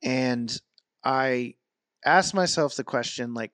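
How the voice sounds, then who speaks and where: A man's mid-range voice, at moderate pace and in a dry recording, carries a casual fitness vlog about his training. He rambles through a long, animated tale with many fillers and restarts.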